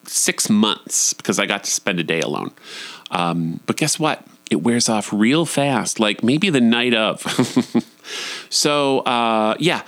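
A man's voice: a bit bright, no room sound. A man telling a comic confessional story. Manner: comic, confessional, jumps into high voices for quoted lines. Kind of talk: personal storytelling monologue.

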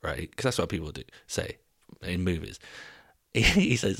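A young man hosting a podcast, telling stories in a casual, animated, comedic way, swearing and laughing as he goes. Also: deep voice, a little slow, vocal fry, breathy edge, dry recording, clean studio sound. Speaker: podcast host.

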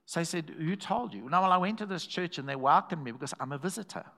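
A man with a somewhat high, gravelly voice preaches fast in church, animatedly telling stories. He shouts out to the congregation and voices the characters he quotes.

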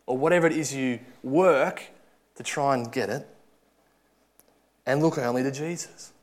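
A man preaching a sermon, earnest, swinging from loud urging to soft, quiet asides. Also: mid-range voice, a little slow, pauses often.

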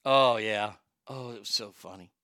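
A man hosting a crude comedic talk show, profane and excitable, laughing at his own jokes. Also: on the low side, moderate pace, smooth, dry recording, studio quality. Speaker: show host.

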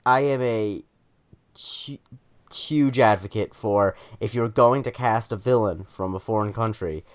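A man's voice: lowish voice, measured pace. A man co-hosting a casual group discussion, opinionated and emphatic, often stumbling and restarting his sentences.

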